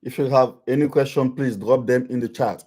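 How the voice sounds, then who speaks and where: This livestream host from Benin gives advice during a live Q&A in French-accented English, restarting often and using lots of fillers. His medium-pitched voice is warm, with fairly even intonation, recorded through a webcam.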